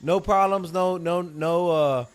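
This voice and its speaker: A man's voice: high-pitched, slow, clean tone. A man chatting casually on a podcast, telling stories and acting out what others said. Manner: animated, acts out others' quotes. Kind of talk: casual storytelling chat.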